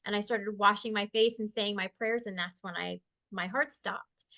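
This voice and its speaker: A woman telling a personal spiritual story in a casual, animated way. She laughs often, then slows and softens when she speaks of calm. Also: medium pitch, gravelly. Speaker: guest sharing a spiritual experience.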